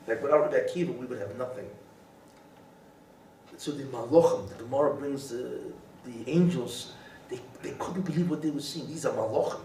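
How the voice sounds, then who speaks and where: Animated man teaching in an echoey room. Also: mid-range voice. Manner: animated, rhetorical, often asks and answers his own questions. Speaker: rabbi teaching Torah. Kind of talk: Torah lecture. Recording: echoey room, voice from a distance, faint hiss.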